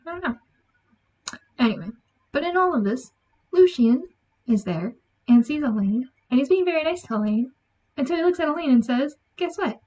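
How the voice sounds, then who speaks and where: A woman giving a chatty, animated book review, acting out lines from the story. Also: high voice. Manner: chatty, animated, acts out quotes. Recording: dull lo-fi sound.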